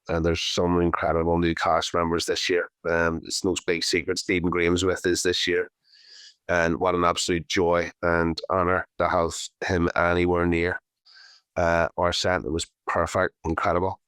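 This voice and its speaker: A middle-aged actor in a casual interview, talking in lively, quick bursts with plenty of fillers. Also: male voice, low-pitched, smooth, no echo. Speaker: actor guest.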